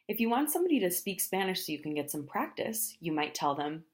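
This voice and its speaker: A woman teaching travel phrases in a language lesson, explaining each phrase and then saying it slowly, often twice. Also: lowish voice, very animated. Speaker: Spanish teacher.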